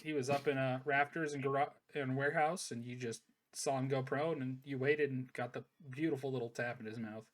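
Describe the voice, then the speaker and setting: A man hosting an online gaming league's post-match interview. He talks in a loose, chatty way, full of upbeat praise and quick asides, at an ordinary mid pitch. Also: fairly even intonation. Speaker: league host interviewing players.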